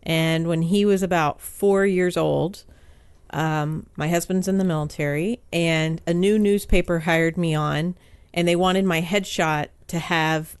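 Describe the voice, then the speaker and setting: Woman in her 40s, guest columnist, chatty anecdote-telling, smooth clear voice, dry close sound. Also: sits low, fairly even intonation, unhurried, no room sound. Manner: chatty storytelling with frequent "um" and "like". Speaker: guest author, newspaper columnist. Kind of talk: casual podcast interview.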